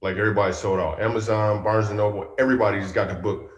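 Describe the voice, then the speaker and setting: A man, a comedian and talk-show guest, telling a personal story in an animated way with playful punchline asides. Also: lowish voice, very fast, reverberant, lo-fi sound.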